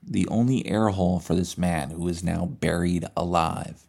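Low-voiced, profane podcast host. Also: male voice, moderate pace, creaky. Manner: profane, animated retelling with restarts. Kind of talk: casual storytelling chat.

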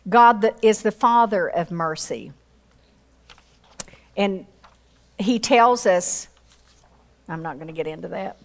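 A woman preaching a sermon with passion, acting out quoted voices and rising to high exclamations. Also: slow pace, long pauses. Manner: acts out quoted voices in her storytelling.

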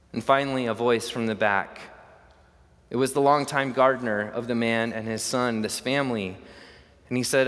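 A man's voice: mid-range voice, moderate pace, fairly bright tone. Man telling a sermon story, long reverb. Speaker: preacher.

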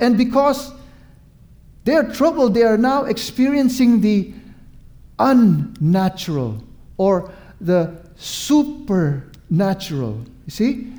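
A man's voice: very high-pitched, warm tone. A man preaching a sermon, emphatic and repetitive, drawing out his words and asking the listeners questions.

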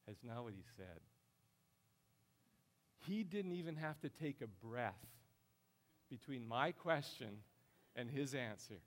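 A middle-aged man preaching a sermon with passion, his voice swelling loud and high as he drives his points home. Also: expressive, slow, pauses often. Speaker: pastor.

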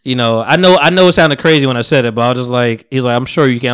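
A man's voice: mid-range voice, quick pace, fairly bright tone, clear, resonant tone. A man co-hosting a podcast, telling a long story in casual chat, rambling, laughing often and acting out what people said. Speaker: podcast co-host.

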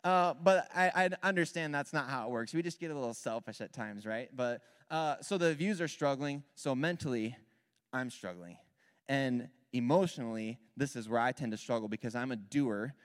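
A man in his thirties, a worship leader telling a candid, animated personal story as part of a sermon. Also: mid-range voice, moderate pace. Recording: long hall reverb.

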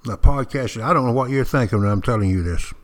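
An older former Marine tells a story in a folksy, unhurried way. He pauses for effect and speaks directly to his listeners in a middle-pitched voice.

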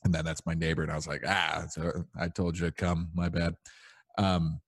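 A young male podcast host with a low, fairly flat voice chats casually at a moderate pace. He tells rambling stories packed with fillers.

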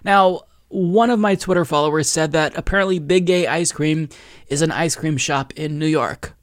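A man's voice: fairly high pitch, moderate pace, no echo, studio quality. A man from Oregon hosting a political podcast, sarcastic and profane, often breaking into laughter. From Oregon, USA. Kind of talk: casual political commentary.

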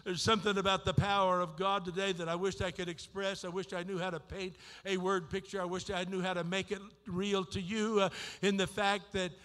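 Impassioned high-voiced male preacher, echoing hall. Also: level tone, a little fast. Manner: impassioned, swings from shouting to hushed. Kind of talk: sermon. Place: church sanctuary. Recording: long hall reverb.

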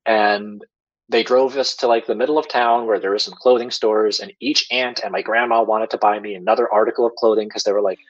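Male guest storyteller, low husky voice, casual and filler-heavy, muffled lo-fi recording. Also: fairly even intonation, a little fast. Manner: rambling, filler-heavy, chuckles while talking. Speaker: podcast guest telling his story.

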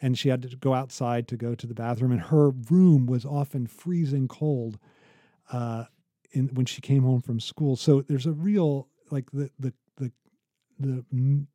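A man co-hosts an academic podcast in a relaxed, conversational way. His voice is very dark and mellow, recorded dry and close. He talks in halting bursts with frequent restarts as he tells a story. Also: mid-range voice, dry recording. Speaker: podcast co-host.

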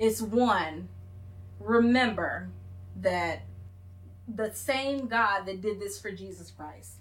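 A young woman co-hosting a faith podcast, talking in an animated, emphatic and playful way as she teaches. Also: mid-range voice, slow. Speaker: podcast co-host.

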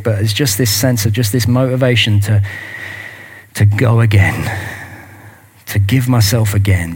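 A man's voice: fairly low pitch, darkish tone. A man preaching a sermon and leading a prayer in an earnest, intimate manner. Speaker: pastor.

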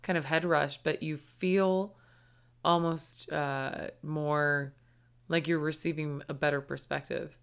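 Woman cohost, kinda low voice, chatty, jumps in with questions. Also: fairly even intonation, gravelly, smooth. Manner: chatty, asks questions, quick interjections. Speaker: podcast co-host. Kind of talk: casual chat.

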